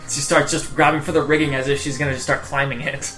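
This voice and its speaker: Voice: mid-range voice, level tone, fast, over loud music. A game master narrating a tabletop game in a casual, filler-heavy way.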